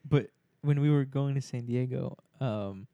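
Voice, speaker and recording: A man's voice: medium pitch, unhurried, mellow, no room sound, dull audio. A young man telling a story in casual chat among friends, laughing often and acting out the people he quotes.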